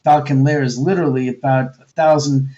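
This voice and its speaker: A man's voice: fairly quick, dull audio. A man being interviewed as a guest author, telling stories casually and acting out quotes with sudden jumps in his voice, speaking over a video call. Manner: animated, acts out quotes with jumps in pitch.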